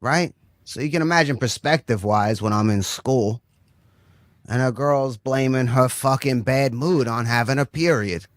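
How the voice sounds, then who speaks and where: A man's voice: mid-range voice, normal speed, no echo, studio quality. A man telling a long, crude comic story, rambling and profane, checking in with "right?" again and again.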